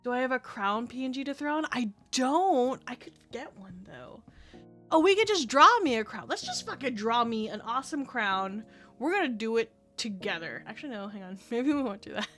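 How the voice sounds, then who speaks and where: A woman livestreamer chatting casually with her viewers, excitable and chatty, swearing often. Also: fairly high pitch, moderate pace, soft background music. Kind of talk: casual live-stream chat.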